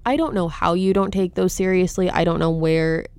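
A woman's voice: fairly low pitch, steady tone, moderate pace, darkish tone, slight background noise. A woman hosting a true crime podcast who speaks outspokenly and with indignation, openly stating her own opinion, close to the microphone. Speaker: podcast host.

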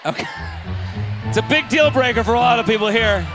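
A man's voice: very high-pitched, fairly quick, over music. A man hosting a live comedy show, joking and swearing as he banters with the crowd. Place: live venue with audience.

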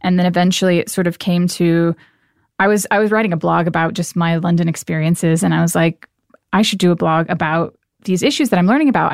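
A woman's voice: on the low side, no room sound, studio quality. A woman in her thirties from the United States, a guest in an interview, explaining things earnestly and conversationally. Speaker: guest, nonprofit founder.

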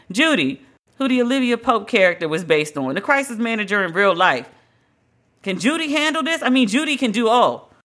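Woman doing a solo podcast, bright edgy voice, blunt and emphatic, stretches out her big words. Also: mid-range voice. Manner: emphatic, blunt and conversational, drawn-out stresses. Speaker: podcast host.

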